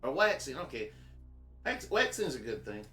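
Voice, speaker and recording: A man's voice: medium pitch, very animated, normal speed, sharp tone. A man playing in a tabletop game, chatting casually and joking. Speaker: player. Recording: roomy sound with music behind.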